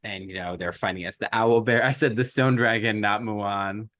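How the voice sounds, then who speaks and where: A podcast co-host with a lowish voice retells a movie plot at normal speed in loose, rambling chat, acting out characters' lines and saying "like" a lot. The sound is clean studio audio with no room sound.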